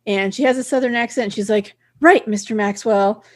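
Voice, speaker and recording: A woman's voice: medium pitch, darkish tone. A woman co-hosting a podcast in casual chat, talking in a chatty, enthusiastic way about a cartoon episode. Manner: chatty, enthusiastic, quick to laugh along. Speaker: podcast co-host.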